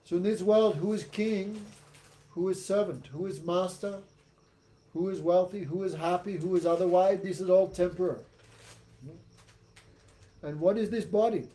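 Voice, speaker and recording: Man voicing a calm, wise servant. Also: high voice, normal speed, long pauses, natural voice. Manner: calm, steady, instructive.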